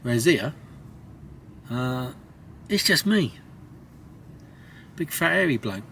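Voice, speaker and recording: A man's voice: mid-range voice, big pitch swings, moderate pace, pauses often, fairly bright tone, slight background noise. A man, a lorry driver, chatting casually to his camera from inside his truck cab, rambling along with a lot of swearing and self-mockery. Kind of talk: casual vlog chat to camera.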